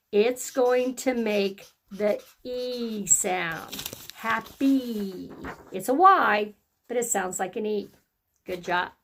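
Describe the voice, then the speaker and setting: A woman teacher leading a phonics lesson for young children, speaking slowly and encouragingly and stretching out letter sounds. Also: medium pitch, fairly bright tone, slight background noise.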